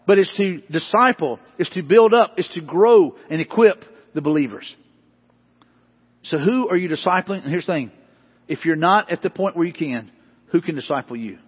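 A male pastor preaching a sermon, repeating questions emphatically and building to loud, rising bursts. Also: sits high, husky. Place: church sanctuary. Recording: dull lo-fi hall recording.

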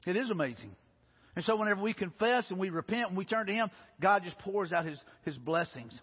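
Pastor guy preaching, kinda high and husky, repeats words a lot, muffled audio with long echo. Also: lively intonation, brisk. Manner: earnest preaching, frequent restarts and repeated words. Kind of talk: sermon. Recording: dull recording in a reverberant hall.

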